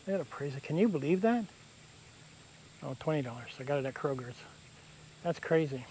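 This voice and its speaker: Outdoor vlogger, male, slightly high voice, easygoing and rambling, recorded in the woods with faint crickets behind. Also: expressive, moderate pace, a little mellow. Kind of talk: casual camping vlog talk to camera. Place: outdoors in damp woods by a river. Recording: faint outdoor insect noise. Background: crickets and insects.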